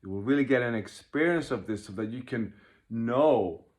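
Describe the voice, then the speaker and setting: A man leading a workshop, talking fast and animatedly, laughing at himself and acting out inner voices as he explains. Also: medium pitch, darkish tone. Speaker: workshop leader. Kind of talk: informal teaching talk.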